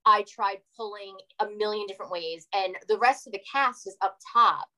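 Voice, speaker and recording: A woman in her forties, a podcast guest telling animated stories and swearing freely. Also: mid-range voice, moderate pace, low-quality recording. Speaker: guest, former reality TV cast member. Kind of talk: casual podcast chat, storytelling.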